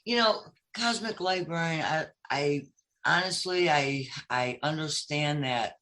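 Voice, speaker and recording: A guest with a Brooklyn accent tells a long personal story in casual conversation. The talk rambles and is full of ums and restarts. The pitch sits in the middle range. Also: unhurried, sharp tone, low-quality recording. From upstate New York. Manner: rambling storyteller, many fillers. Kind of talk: casual chat.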